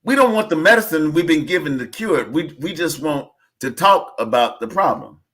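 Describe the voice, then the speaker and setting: A man hosting a casual conversation, telling stories in an animated, preachy way. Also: a little high, normal speed. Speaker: podcast host.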